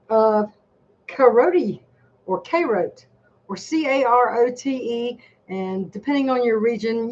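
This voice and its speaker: An older woman chats unhurriedly at her home desk, reviewing products for her viewers in a rambling, homey way. Her voice sits mid-pitch, recorded through a dull, muffled camera mic. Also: darkish tone, slight background noise. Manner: chatty and rambling, talks straight to viewers. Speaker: vlogger.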